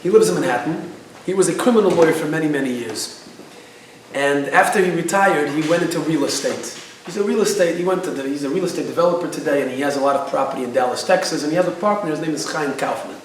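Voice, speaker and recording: A man giving a class, telling a story in an animated way and asking his audience questions. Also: on the high side, quick pace, a little hiss or hum. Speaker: lecturer. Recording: very echoey room, speaker far from the mic.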